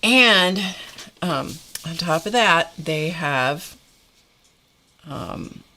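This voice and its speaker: Middle-aged female host, low-pitched, unhurried, exasperated storytelling chat. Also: bright, forceful tone. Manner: wry, exasperated, laughs often. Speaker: host of a live art stream.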